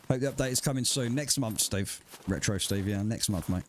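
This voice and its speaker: A man's voice: on the low side, a little fast, a little hiss or hum. A man streaming a survival game live and chatting casually with his viewers in swearing banter. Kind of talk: casual livestream chat.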